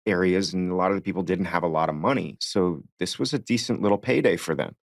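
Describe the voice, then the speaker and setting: A man co-hosting a podcast, telling behind-the-scenes stories in a relaxed way with frequent chuckles. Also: low-pitched, fast, dry recording, clean studio sound. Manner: relaxed storytelling, chuckling often. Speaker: podcast co-host. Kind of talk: casual podcast chat.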